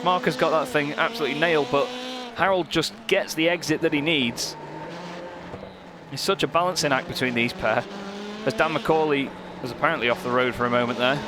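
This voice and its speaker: A young man commentating on a sim race, lively and joking, growing excited at close moments. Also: fairly high pitch, fairly quick. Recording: commentary over loud race car noise.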